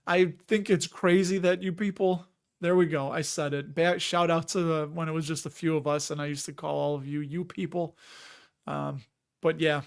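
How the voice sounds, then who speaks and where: A man hosting a live chat stream, talking in a loose, wandering way and sounding a bit worn out. His voice sits a little high for a man. He reads out viewer comments as he goes. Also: steady tone, normal speed, gravelly, smooth. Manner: rambling, chatty, reads viewer comments aloud. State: tired.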